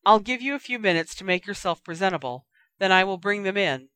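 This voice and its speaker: A woman voicing a stern older woman professor who speaks crisply and with authority. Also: medium pitch, expressive, brisk, sharp tone, dry recording. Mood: dry stern.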